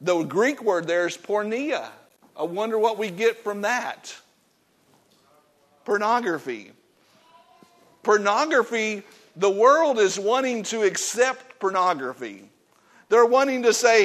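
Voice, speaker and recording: A man preaching a sermon in a church, emphatic and folksy, swinging from loud points to hushed warnings. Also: sits high, big pitch swings, slow pace, pauses often. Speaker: pastor.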